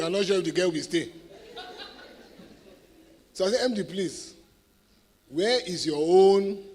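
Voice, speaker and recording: A middle-aged man with a Nigerian English accent and a voice that sits high gives a motivational talk as the guest speaker at a sales event. He's an animated storyteller who keeps the audience engaged by repeatedly asking whether they follow him.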